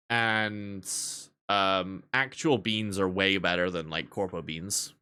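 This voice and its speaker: Bright-voiced man ranting casually. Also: deep voice, slow, hardly any pauses, clean tone. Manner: profane, animated storytelling. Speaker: streamer; barista. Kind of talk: casual livestream chat.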